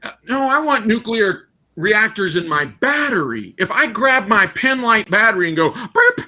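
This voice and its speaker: Excitable high-voiced man, very animated. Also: moderate pace. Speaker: live stream guest. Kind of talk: casual live stream chat.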